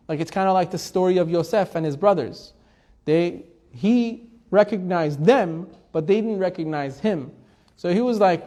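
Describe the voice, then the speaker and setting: A male rabbi teaches a weekly Torah class in a relaxed, conversational way. His voice sits fairly high for a man, and he weaves Hebrew quotations into his storytelling. He often poses a question to the room and then answers it himself. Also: normal speed.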